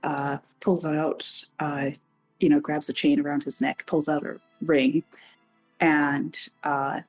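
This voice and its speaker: Woman player, low husky voice, halting and unsure. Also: little pitch movement, soft background music. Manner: hesitant, halting. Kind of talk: casual tabletop play.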